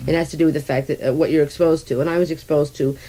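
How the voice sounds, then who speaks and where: A woman's voice: sits low, steady tone, very fast, dark tone, poor audio. An American woman chatting as a radio interview guest, telling stories with dry wit. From United States. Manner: witty, chatty storyteller. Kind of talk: casual radio interview chat.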